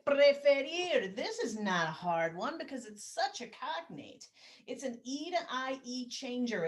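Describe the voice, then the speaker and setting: A woman teaching a grammar lesson, explaining patiently and saying example phrases slowly for students to repeat. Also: medium pitch. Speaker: Spanish teacher.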